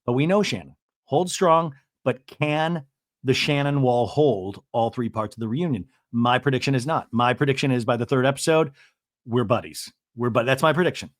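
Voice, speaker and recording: A man hosting a podcast, giving an animated, chatty recap of a reality-TV episode and often asking listeners "right?". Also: mid-range voice, normal speed, no echo, studio quality. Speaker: podcast host.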